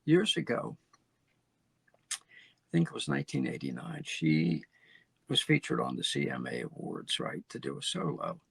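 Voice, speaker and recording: A man's voice: low-pitched, huge pitch swings, unhurried, creaky, pauses often, a bit bright, husky, no echo. A man hosting a show, talking conversationally with restarts. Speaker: host. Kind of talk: commentary.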